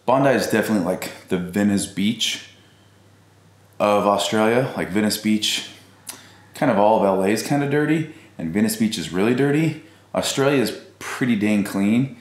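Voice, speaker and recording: A man's voice: on the low side, normal speed. A man giving a casual, rambling vlog tour of a house, talking into a handheld camera in a slangy, laid-back way. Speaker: fitness vlogger. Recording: echoey room, faint background noise.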